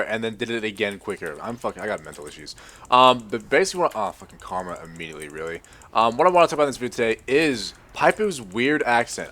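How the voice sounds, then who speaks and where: A young Australian man with a mostly American-sounding accent, chatting casually and sweary over gameplay, now and then shouting excitedly at the game. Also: lowish voice, fast. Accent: American-sounding with bits of Australian. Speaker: gaming video host.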